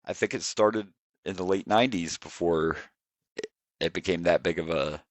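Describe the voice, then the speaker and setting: A man co-hosting a podcast that reviews wrestling, talking in a relaxed, rambling way with frequent chuckles. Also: low voice, moderate pace, no room sound. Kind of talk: casual chat.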